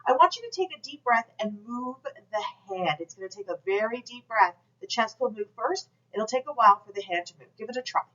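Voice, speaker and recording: A woman instructor speaks to her class through a camera, coaching and direct in a slightly high voice. The recording is dull and lo-fi, like a plain lecture video. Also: expressive, a little fast, few pauses, sharp tone. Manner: direct, coaching, demonstrates projection aloud. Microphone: camera mic.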